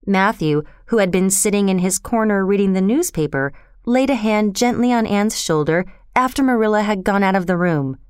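A woman narrating a storybook in a calm, measured reading voice. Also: mid-range voice, clear, resonant tone, no room sound, clean studio sound.

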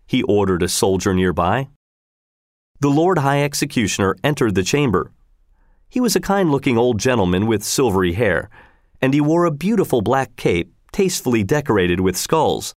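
A man's voice: mid-range voice, no room sound, clean studio sound. Man reading a storybook aloud. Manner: measured, expressive storytelling. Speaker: narrator.

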